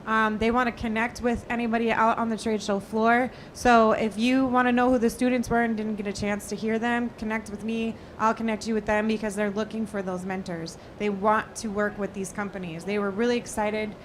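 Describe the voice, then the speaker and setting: A woman's voice: a little high, level tone, fairly quick, few pauses, a little hiss or hum. Earnest enthusiastic woman panel guest. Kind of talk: casual panel chat. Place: trade show lounge studio.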